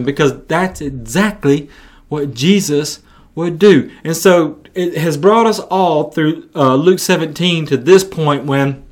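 A man delivers a sermon, retelling scripture with animated storytelling and frequent restarts. His voice sits slightly higher than most men's. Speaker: preacher.

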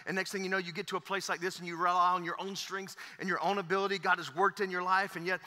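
A man's voice: high-pitched, little pitch movement, fast talker, sharp tone. A pastor in his thirties preaching a sermon in a church, emphatic and repetitive, with many fillers. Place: church sanctuary. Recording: echoey church hall.

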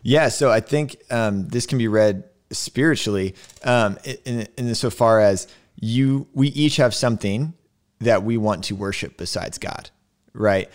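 A man with a fairly low voice leads a casual podcast chat about scripture. His delivery is emphatic, and he keeps asking "right?" as he works through the verses. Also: measured pace. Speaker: podcast host teaching scripture.

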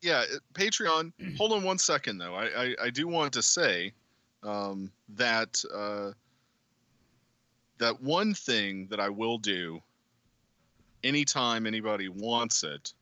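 A man's voice: fairly low pitch, animated, slow pace, pushed and bright, no room sound, highs cut off. A man co-hosting a casual movie podcast, wry and joking, breaking into laughter. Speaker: podcast co-host. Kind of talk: casual chat.

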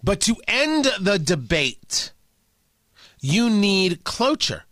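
A combative male talk host delivers a sarcastic political monologue. His voice sits high and swings widely in pitch. The tone is bright and the sound dry and close. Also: big pitch swings, slow pace, dry recording.

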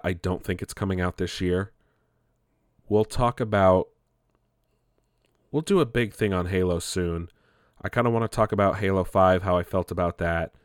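A man's voice: low-pitched, no room sound, clean studio sound. A man giving casual, rambling commentary, often restarting his sentences and swearing offhand. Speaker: gaming commentator.

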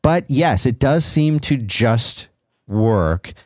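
A man's voice: mid-range voice, lively intonation, slow pace, a little mellow, dry recording, clean studio sound. A man co-hosting a podcast, explaining gadgets in a rambling, self-correcting casual chat. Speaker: podcast co-host.

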